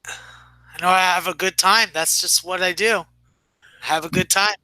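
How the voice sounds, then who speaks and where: A man's voice: high voice, fairly even intonation, unhurried, bright, forceful tone, rough recording. A man co-hosting a casual late-night podcast, loose and joking, with heavy swearing. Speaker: podcast co-host.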